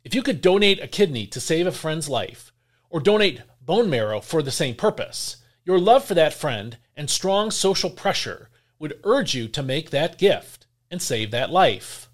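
A man reading scripture aloud and then giving a devotional reflection, with a measured, earnest delivery. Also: on the high side, sing-song. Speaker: devotional host.

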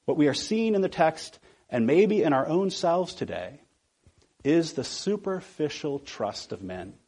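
A male pastor delivering a sermon in a somewhat high, husky voice. He presses home his points with repeated rhetorical questions. He slows down deliberately to land the key words. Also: big pitch swings, darkish tone.

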